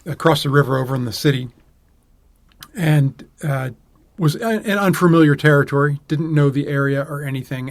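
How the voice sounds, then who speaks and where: A podcast co-host, a man whose voice sits slightly high for a man, shares a personal story in casual conversation, pausing and restarting often. The recording is dry and close, with no room sound.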